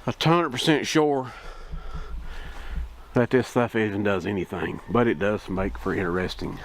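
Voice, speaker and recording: A man's voice: on the low side, normal speed, slight background noise. Winded older man hiking. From Kentucky. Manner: rambling, folksy, with many fillers. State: out of breath from climbing. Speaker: outdoor vlogger. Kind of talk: casual narration while hiking. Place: wooded hillside trail outdoors. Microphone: camera microphone.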